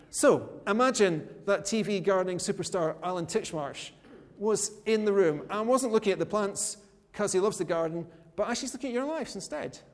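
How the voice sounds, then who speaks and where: A man preaching a chatty sermon, with joking asides and rhetorical questions. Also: a little high. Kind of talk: conversational sermon. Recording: long hall reverb.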